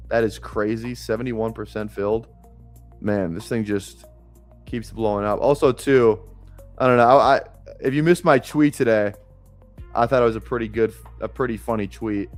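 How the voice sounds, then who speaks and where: A man's voice: medium pitch, fairly even intonation, normal speed, soft background music. A man streaming fantasy football drafts live, chatting casually in a rambling way, swearing freely and chuckling often.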